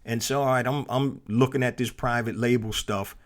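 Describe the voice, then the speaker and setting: A middle-aged man hosts a solo podcast and tells a personal story in a loose, easygoing way. His voice sits at an ordinary mid pitch for a man, and he often trips over a word and starts again. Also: fairly even intonation, normal speed. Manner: conversational, frequent fillers and restarts. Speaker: podcast host.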